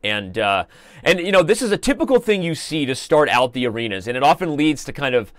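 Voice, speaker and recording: A man's voice: a little high, very animated, brisk, fairly bright tone, no echo. Chatty man commenting on live chess. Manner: chatty and joking, with playful asides. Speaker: chess commentator and show host.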